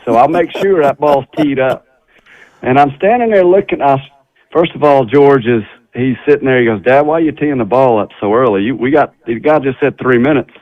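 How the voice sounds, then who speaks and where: A man's voice: medium pitch, brisk, no echo. Folksy middle-aged man telling a golf story. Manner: folksy, animated storyteller with laughter. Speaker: guest, former tour golfer. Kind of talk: storytelling on a radio talk show. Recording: slightly dull radio sound.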